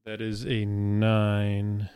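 A man playing a tabletop game, calmly describing his character's actions. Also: on the low side, drawn-out words, smooth, no room sound, studio quality. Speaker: player.

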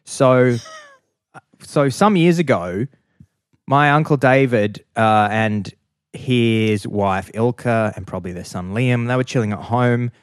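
A man's voice: mid-range voice, takes it slowly, smooth, no echo, clean studio sound. A man with an Australian accent, chatting casually and telling a story with enthusiasm as a podcast co-host. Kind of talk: casual chat, telling an anecdote.

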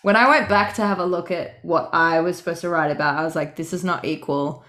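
A woman's voice: lowish voice, brisk, a bit bright. A woman co-hosting a podcast in casual comedic chat, giggly and playful. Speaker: podcast co-host.

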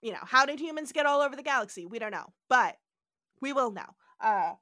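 A woman hosting a podcast in casual chat, animated as she recaps a TV episode and acts out lines. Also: sits high, fairly quick, no echo, studio quality. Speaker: podcast host.

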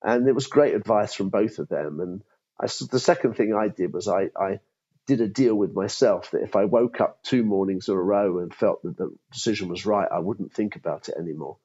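A man's voice: on the low side, brisk, dark tone, breathy edge, lo-fi sound. A man in his fifties, a former law firm chief, thinking aloud in an interview with frequent restarts. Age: 50s. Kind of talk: interview conversation.

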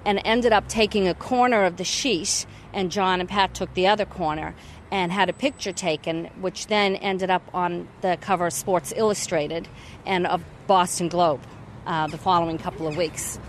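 A woman's voice: lowish voice, steady tone, normal speed, slight background noise. A woman in her sixties with an American accent, telling a story in an outdoor interview with a few ums. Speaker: guest. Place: outdoors in a town square.

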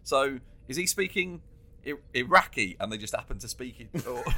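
A man co-hosting a casual comedy chat, animated and laughing often as he riffs. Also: medium pitch, slow. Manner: animated, laughs often, acts out quoted lines. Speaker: podcast co-host.

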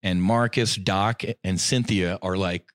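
A middle-aged man telling a personal story in casual podcast talk. He is animated and slangy, and his voice swings between loud bursts and hushed asides. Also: low-pitched, unhurried, dry recording, clean studio sound. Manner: slangy, says "dude" and "I'm like". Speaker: podcast guest.

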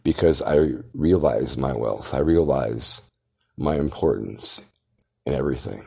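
A man's voice: very deep voice, a little slow, gravelly, warm tone, husky. A man hosting a podcast, delivering a grandiose, theatrical monologue that lectures the listener. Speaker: podcast host. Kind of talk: grandiose self-promoting monologue.

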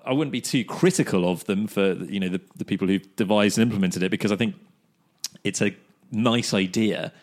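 A man with a fairly low voice chats wryly on a casual sports podcast. He laughs easily and pads his thoughts with ums. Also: fairly quick. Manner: chatty, wry, laughs often, thinks aloud with fillers. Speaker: podcast co-host. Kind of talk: casual cricket podcast chat.

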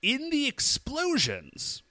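A man's voice: extremely high pitch, huge pitch swings, takes it slowly, bright, forceful tone, no room sound. A man co-hosting a podcast, casually recapping an episode, chatty and laughing, acting out lines in quotes. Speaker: podcast co-host.

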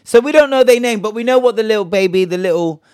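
A man's voice: sits high, fast talker, darkish tone, clean tone, no room sound. Guy rambling thru celeb gossip, bit tipsy, swears, dry close sound. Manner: chatty, jokey, swears freely, rambling asides. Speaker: podcast host. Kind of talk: casual solo gossip chat.

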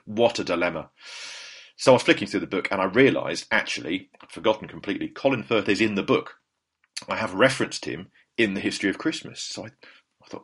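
Fast-talking, husky man. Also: sits low, sing-song, fairly bright tone. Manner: rambling, self-deprecating storytelling. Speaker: podcast host. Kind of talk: casual chatty monologue.

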